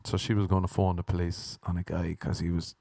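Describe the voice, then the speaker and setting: A man's voice: sits low, level tone, fairly quick, creaky, warm tone, dry recording. A man with an Irish accent telling a rambling, profane comic story. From Ireland. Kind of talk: comic monologue.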